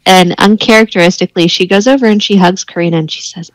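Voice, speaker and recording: A woman playing a tabletop role-playing game, describing and speaking as her character in a halting, easygoing way. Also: on the low side, dry recording, low-quality recording. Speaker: player.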